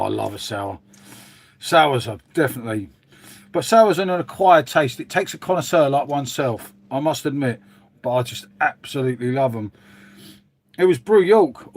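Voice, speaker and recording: A man hosting a casual live stream, chatting to viewers in a rambling, matey way with the odd swear word. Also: fairly high pitch. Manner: chatty, rambling, says "mate" constantly, mild swearing.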